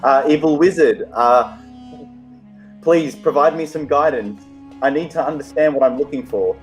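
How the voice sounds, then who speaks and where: A man as a guest in an improvised comedy show, deadpan and polite. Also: a little high, normal speed, soft background music, poor audio.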